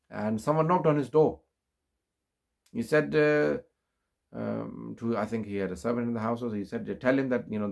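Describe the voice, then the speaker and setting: A low-voiced man with a gravelly, creaky edge preaches in an unhurried way. He tells a long religious story, filling pauses with "uh" and lifting his voice for emphasis. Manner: unhurried, many fillers, rises in pitch for emphasis. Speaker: Islamic preacher. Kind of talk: storytelling sermon.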